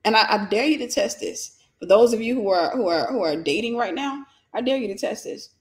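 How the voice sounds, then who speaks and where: A woman's voice: a little high, animated, a little fast. A woman with a Southern accent giving a preachy, informal Christian lesson on relationships, emphatic and repetitive with folksy jokes.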